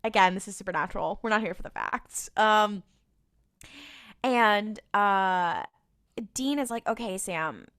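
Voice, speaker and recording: A woman's voice: mid-range voice, unhurried, clear, resonant tone. Woman recapping a TV episode, quoting characters. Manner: animated retelling, acting out quotes with laughs. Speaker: podcast co-host. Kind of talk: casual rewatch podcast recap.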